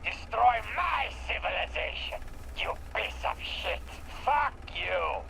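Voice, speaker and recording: An actor playing a volatile, menacing slaver warlord in a video game, with a vaguely European accent, ranting with profanity. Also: male voice, very high-pitched, sing-song, creaky, pushed and bright, slight background noise, full character voice, poor audio. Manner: swings between snarling threats and slow lecturing.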